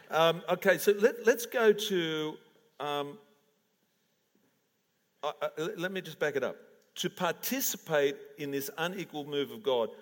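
Laughing pastor in a reverberant church. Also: male voice, mid-range voice. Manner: chatty and laughing, then prayerful. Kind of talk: sermon. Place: church auditorium.

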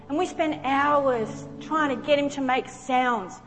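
Higher-voiced woman preaching in an echoing church. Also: slow pace, hardly any pauses, fairly bright tone. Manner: earnest, emotional storyteller. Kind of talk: sermon with personal storytelling. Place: church sanctuary. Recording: long hall reverb with faint music.

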